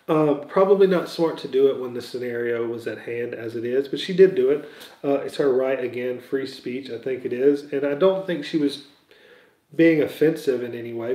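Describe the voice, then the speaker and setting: A man with a mellow, darker tone gives loose, opinionated commentary, circling his points in a hesitant way. His voice bounces around a roomy space with noticeable echo. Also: mid-range voice. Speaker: Star Wars news commentator.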